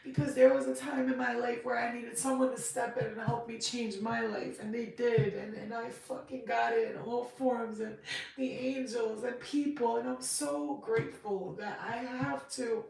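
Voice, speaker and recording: A woman's voice: on the high side, fairly even intonation, normal speed, creaky, a little mellow. A woman giving a casual spiritual reading, emotional and emphatic, swearing freely as she talks. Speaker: tarot card reader. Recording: very echoey room, mic far off, noisy.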